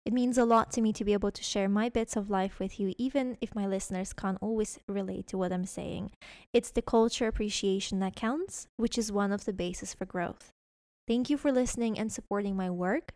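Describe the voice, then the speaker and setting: A woman reading a scripted podcast outro in a smooth, read-aloud way. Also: mid-range voice, a little fast, darkish tone, no echo, studio quality. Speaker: podcast host.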